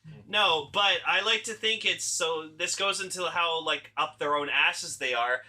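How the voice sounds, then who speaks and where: A man's voice: fairly high pitch, unhurried. A man co-hosting a casual fan podcast, swearing freely and peppering his talk with filler words. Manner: animated, swears freely, says like a lot. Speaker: podcast co-host.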